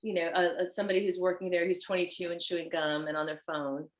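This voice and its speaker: A woman with a Haitian accent, a fashion designer guest telling stories in an animated, chatty way. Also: on the low side, fast. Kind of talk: casual chat. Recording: roomy echo.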